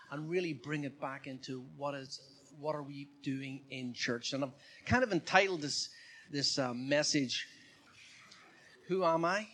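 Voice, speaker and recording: A pastor with a slightly high, somewhat bright voice preaches a sermon in church. He speaks conversationally and frequently poses questions to the congregation.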